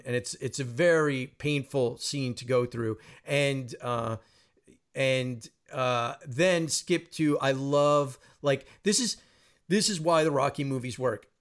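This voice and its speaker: A male podcast host of middling pitch talks through a movie in loose, casual chat. He wanders from point to point and pokes fun at himself as he goes. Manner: rambling and self-deprecating.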